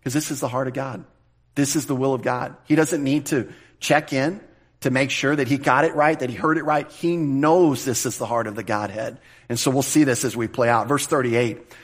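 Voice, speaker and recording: A pastor preaching a verse-by-verse sermon in a conversational way, often restarting words and slowing down to stress key phrases. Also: male voice, mid-range voice, steady tone, breathy edge. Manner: conversational, repeats words at restarts, slows for emphasis. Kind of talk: expository sermon.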